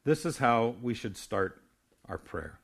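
A man's voice: mid-range voice, big pitch swings, measured pace, a bit bright, breathy edge. An older man preaching a sermon as a pastor, earnest, often stumbling and restarting his words.

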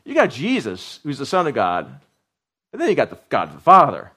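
Animated male preacher, lively pitch. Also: moderate pace. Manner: animated, repeats words for emphasis, asks the congregation questions. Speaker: pastor. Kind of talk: sermon.

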